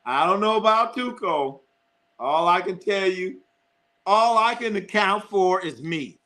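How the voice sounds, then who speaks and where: A man's voice: sits high, animated, a little slow, pushed and bright. A middle-aged man hosting a live sports stream, rambling and cursing, repeating phrases and laughing often as he reads chat.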